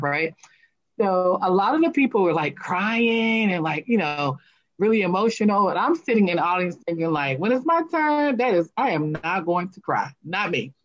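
A woman guest telling a personal story in an interview, animated and laughing, acting out the voices of people she quotes. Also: lowish voice. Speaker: guest, speaker and coach. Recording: dull lo-fi sound.

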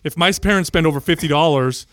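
A man in his forties swaps childhood stories in a relaxed, profane chat. His voice sits a little high. The recording is close and dry, with no room sound. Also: fast talker, dry recording. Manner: storytelling, swears often, acts out quotes. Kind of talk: casual chat.

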